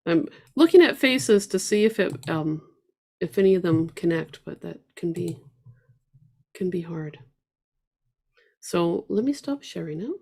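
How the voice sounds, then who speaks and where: Slow-talking woman teaching ukulele. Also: fairly low pitch, animated, gravelly, a little mellow. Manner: counts beats aloud while playing, chatty and encouraging. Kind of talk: online group music lesson. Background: ukulele playing.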